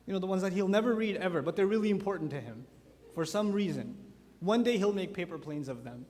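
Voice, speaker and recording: A man in his thirties giving an animated sermon at a youth conference, full of rhetorical questions. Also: high voice, fast. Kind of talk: lecture sermon. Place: large conference hall. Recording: hall reverb from a conference hall.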